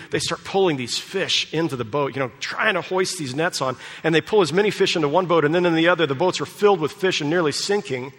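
A man with a somewhat high voice preaches a sermon and tells the story with animation, briefly acting out the voices of the people in it. His words ring out with the long reverb of a large hall. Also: a bit bright. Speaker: pastor.

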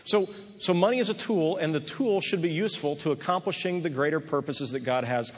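Husky man preaching in a reverberant hall. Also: a little high, fairly quick. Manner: earnest storytelling with repeated restarts. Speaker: pastor. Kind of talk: sermon. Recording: long reverb of a large hall.

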